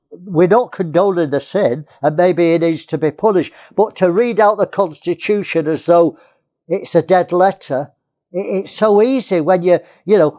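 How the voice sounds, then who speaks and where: A man's voice: sits high, moderate pace, dark tone. A man from England preaching a sermon, earnest, repeating key phrases and often restarting.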